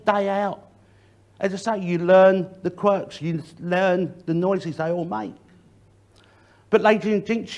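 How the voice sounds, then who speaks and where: Middle-aged man, safety speaker, talks straight to the room with varied emphasis, slightly raised pitch. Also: a little mellow. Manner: direct, addresses the audience, varies emphasis. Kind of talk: public talk to an audience.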